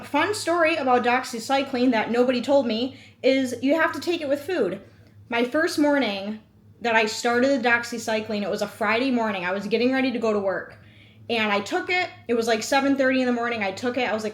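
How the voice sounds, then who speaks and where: A woman's voice: a little high, roomy sound. A woman in her thirties, a vlogger chatting candidly to camera, telling personal stories with lots of fillers. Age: 30s. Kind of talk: casual sit-down vlog chat. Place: room at home, sitting before a meal.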